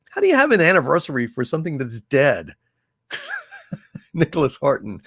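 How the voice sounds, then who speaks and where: A man's voice: a little high, huge pitch swings, a bit bright, no echo, studio quality. A man hosting a casual livestream, reading out viewer messages and answering them in a blunt, profane way. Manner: blunt and profane, drawn-out emphatic delivery. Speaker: livestream host.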